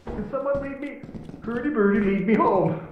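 A man's voice: very high voice, normal speed, far from the mic, phone-quality sound. A man joking and teasing his friends in casual chat while playing a game together. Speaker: fellow player. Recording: echoey in-game voice chat with noise.

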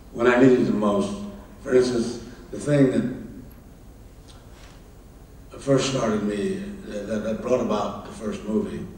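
An older man from Kansas with a low, darkish voice tells anecdotes on stage as a guest speaker; he's a film director and author. His delivery is halting, he repeats words, and he acts out the other people in his dialogue. He's recorded in a large, echoey hall at a public event through a distant mic, with faint noise.

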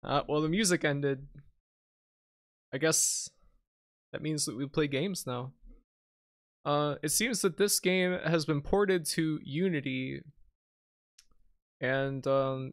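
Chatty streamer man with a fairly high voice. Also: no echo, clean studio sound. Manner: chatty, teasing chat, reading menus aloud. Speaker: game streamer. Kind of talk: casual live-stream commentary.

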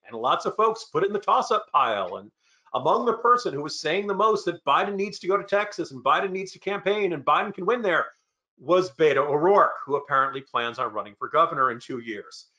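A man on a political panel giving sardonic, fast-flowing analysis and mock-quoting his opponents. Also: on the high side, bright, forceful tone. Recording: lo-fi, muffled audio.

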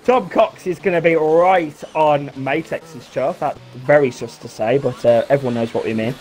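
A British man giving casual live commentary on an online racing league, chatty and teasing, jumping into excited shouts. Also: on the high side, normal speed, soft background music. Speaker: race commentator.

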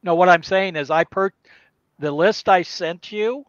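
Higher-voiced male player on a dull mic. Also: no room sound. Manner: questioning, quick to agree. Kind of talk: casual tabletop game chat.

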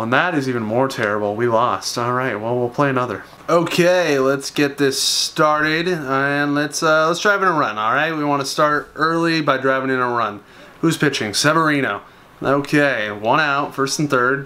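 A young man giving casual, excitable commentary over a baseball video game, talking to the players on screen. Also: medium pitch. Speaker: gaming video creator.

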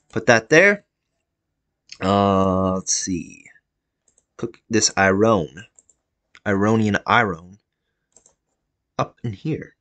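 A man giving casual let's-play commentary, excitable, swinging between mumbled jokey asides and yelling at his game character. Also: fairly low pitch, slow, pauses often. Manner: jokey self-talk with wordplay. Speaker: gameplay commentator.

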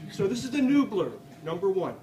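A man's voice: high voice, unhurried, slight background noise. Man reading poems aloud in a bookstore. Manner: chatty, filler-heavy asides between deadpan readings. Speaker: poet reading his work. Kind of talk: live poetry reading. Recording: roomy audience recording from far off. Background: audience laughter.

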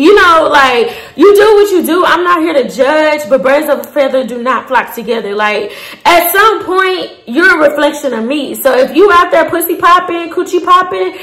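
A woman's voice: high voice, animated, normal speed, fairly bright tone. Slangy, candid young woman telling a story. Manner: candid, slangy and profane, talks straight to her viewers. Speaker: storyteller vlogger. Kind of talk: casual storytime. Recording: roomy echo.

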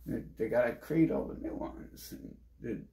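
A man's voice: mid-range voice, moderate pace, creaky, dark tone. A man streaming alone, ranting in a restless, agitated way, swearing heavily and jumping from topic to topic. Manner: heavy swearing, restless, jumps between topics. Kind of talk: agitated rambling monologue.

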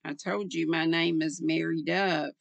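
An older woman voicing a composed young woman who is calm, guarded and faintly amused, read slowly with a gravelly edge. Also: sits low, no room sound.

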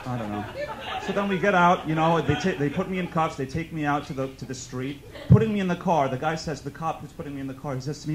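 A man's voice: fairly high pitch, fast, crowd noise, background noise. Young man doing a stand-up set. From New York. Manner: conversational storytelling, bursts into loud shouted outbursts. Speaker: stand-up comedian. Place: comedy club stage.

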